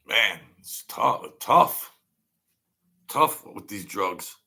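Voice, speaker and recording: Extremely slow and animated, this man's lowish voice is gravelly, pushed and bright. He hosts a casual livestream, telling wandering stories that fade out and begin again.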